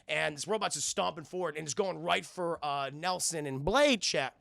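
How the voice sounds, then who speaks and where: A man streaming a casual recap of a cartoon episode, excitable, swearing often and restarting his sentences as he talks to his chat. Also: a little high, moderate pace, vocal fry, dry recording.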